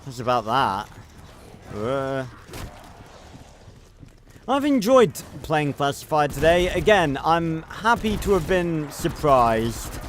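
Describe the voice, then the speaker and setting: A man's voice: medium pitch, slight background noise. A man streaming a video game, giving casual, rambling commentary, thinking aloud and swearing freely.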